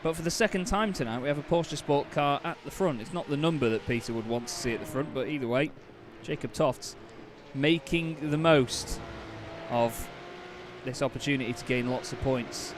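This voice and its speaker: A young man commentating a sim race live, chatty and quick to laugh with his co-host. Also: mid-range voice, noisy background. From Britain.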